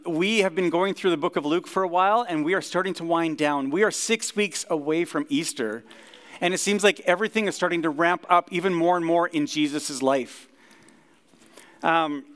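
Pastor, male, easygoing talky delivery, slightly higher voice, loose with ums and likes. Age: 30s or older. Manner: relaxed, chatty, many fillers. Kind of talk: casual conversational sermon. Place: church service.

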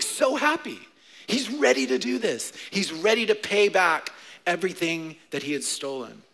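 Animated pastor in an echoey hall. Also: male voice, on the high side. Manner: animated, conversational, frequent "right?". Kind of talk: sermon to children and adults.

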